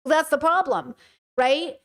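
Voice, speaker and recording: Passionate woman with a higher voice. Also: takes it slowly, fairly bright tone. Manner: passionate, emphatic, repeats points. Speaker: podcast host. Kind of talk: casual monologue.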